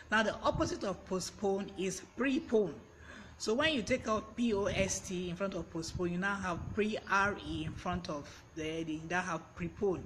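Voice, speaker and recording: A man hosts a live-streamed word lesson, his voice pitched high and bright. He is chatty and breaks off to greet viewers by name. A faint fan hums behind him. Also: slight background noise. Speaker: vocabulary teacher on a live stream. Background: fan blowing.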